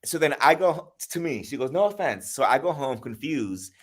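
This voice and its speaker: A man hosting a casual video-call chat, telling stories in an animated way and acting out the people in them. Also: mid-range voice, normal speed. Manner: animated, acts out quoted voices with laughs. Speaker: host. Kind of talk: casual conversational storytelling.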